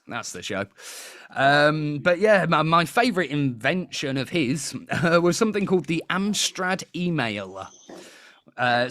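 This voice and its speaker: A man's voice: fairly high pitch, a bit bright, no room sound, clean studio sound. A British man hosting a live quiz show, chatty and self-deprecating, often laughing as he talks.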